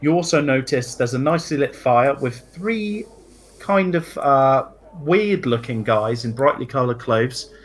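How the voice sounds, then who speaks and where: A man narrating a tabletop game as dungeon master, relaxed and descriptive with small fillers. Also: medium pitch, a little slow, poor audio.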